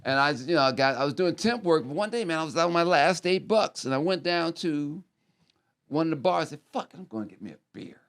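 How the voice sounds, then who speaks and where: A man's voice: on the high side, fairly quick, fairly bright tone, smooth. A middle-aged American man telling loose, profane stories as a podcast guest, trailing off and restarting his sentences. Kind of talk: loose rambling storytelling.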